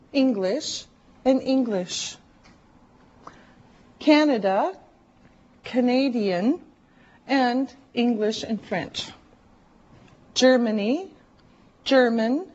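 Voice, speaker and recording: A woman teaching an English lesson, drilling words and phrases slowly and deliberately, repeating each one. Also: on the high side, darkish tone, highs cut off. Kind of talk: classroom language lesson.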